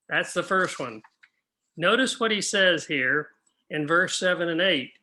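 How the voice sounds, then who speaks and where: Bright-voiced older man teaching Bible class. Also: on the high side, lively intonation, measured pace. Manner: earnest, practical, asks the class questions.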